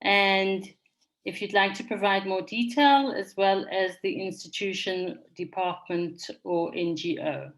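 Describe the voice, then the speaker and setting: Measured woman facilitating an online conference. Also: medium pitch, rough recording. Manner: measured, orderly, reads names from the chat. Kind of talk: moderating an online conference session. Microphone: video call.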